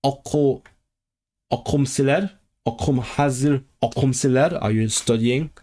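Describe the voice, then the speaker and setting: A man streaming himself as he studies a language, drilling phrases aloud in a halting, repetitive self-talk. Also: mid-range voice, warm tone. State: sore throat. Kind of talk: casual livestream study session.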